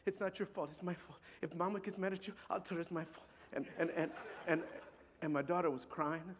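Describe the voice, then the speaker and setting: A middle-aged man telling a personal story to an audience in an earnest, halting way, often repeating words. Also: on the high side, steady tone, a little hiss or hum. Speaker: speaker. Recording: long hall reverb.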